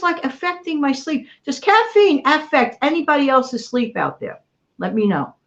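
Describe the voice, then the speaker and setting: A chatty woman hosts her livestream from home, her voice rising and falling a lot as she greets viewers one by one. She sits a bit high for a woman and repeats her friendly phrases. The sound is dull and lo-fi. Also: fairly bright tone. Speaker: channel host. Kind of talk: casual livestream chat and recipe reading. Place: home, New York area.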